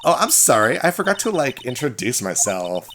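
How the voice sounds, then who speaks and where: A man's voice: very animated, moderate pace, a bit bright, slight background noise. A man voicing a bubbly, ditzy young female college student in a put-on Valley Girl accent, full of "like". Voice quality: high, breezy, filler-heavy "like" talk.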